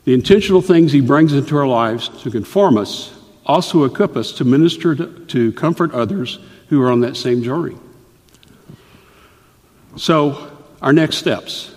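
Middle-aged guy pastor giving a sermon, careful and deliberate, mid pitch, echoey church hall. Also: a little mellow. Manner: earnest, deliberate, stops to explain points. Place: church sanctuary.

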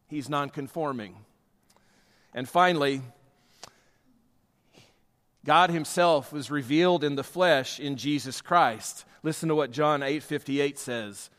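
A man's voice: a little high, measured pace, pauses often, fairly bright tone, big-room sound. A man preaching a sermon as a pastor, emphatic, with his delivery rising and falling in force.

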